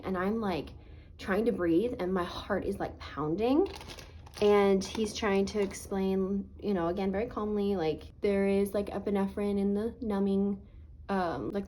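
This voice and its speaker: In a rough recording with slight background noise, a woman vlogger with a medium-pitched, darkish voice talks to camera about something personal. Despite a swollen, sore face, she chats casually, leaning on "like," and reflects earnestly from a faith perspective.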